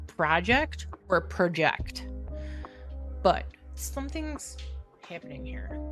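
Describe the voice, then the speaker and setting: A woman's voice: medium pitch, a bit bright. A middle-aged woman thinking aloud as she works through a crossword puzzle, musing and questioning herself and often laughing. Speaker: crossword solver.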